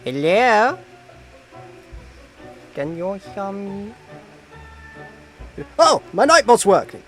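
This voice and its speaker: A man streaming a game, talking in an unhurried way, with his pitch swinging widely. He laughs often and exclaims at what happens on screen. Faint music plays behind him. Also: very animated. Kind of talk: casual game stream commentary.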